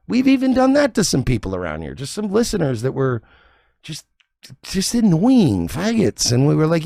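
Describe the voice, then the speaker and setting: Gravelly rambling man hosting a stream. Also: on the high side, wildly swooping pitch, moderate pace, warm tone, no room sound, studio quality. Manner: rambling, profane, many restarts. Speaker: stream host. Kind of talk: casual reaction commentary.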